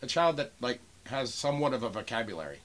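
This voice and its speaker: A man with a Pittsburgh accent, ranting with real heat and sarcasm at a buyer. He swears freely, mimics the messages he reads in a mocking voice, and sits at a middle pitch with no unusual tone. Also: very animated, fast, a bit bright. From Pennsylvania. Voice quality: profane, heated, sarcastic. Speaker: toy seller and channel owner. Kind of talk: angry rant vlog.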